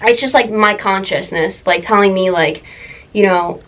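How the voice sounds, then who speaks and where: A young woman telling a personal story in a confessional vlog, halting, full of fillers and close to tears. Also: medium pitch, fairly bright tone, low-quality recording. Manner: emotional, halting, many fillers. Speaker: vlogger.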